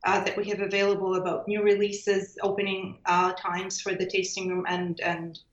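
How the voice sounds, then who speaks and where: Brief: winery woman guest, steady and informative, roomy muffled line. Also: medium pitch. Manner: measured, informative, frequent fillers. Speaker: winery representative. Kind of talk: radio interview guest.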